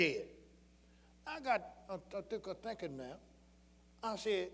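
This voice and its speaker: Folksy country preacher, high bright voice. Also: male voice, big pitch swings, slow pace, creaky, long pauses, breathy edge, long reverb tail. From rural Southern United States. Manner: folksy storytelling that swings from murmured asides to shouted exhortation. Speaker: pastor. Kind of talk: sermon.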